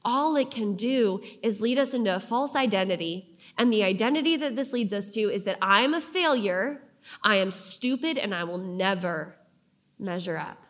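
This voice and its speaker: A woman giving a sermon, earnest, slowing down and pausing to stress key phrases. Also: medium pitch, expressive. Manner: earnest, with slow emphatic pauses on key phrases. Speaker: speaker giving a devotional talk.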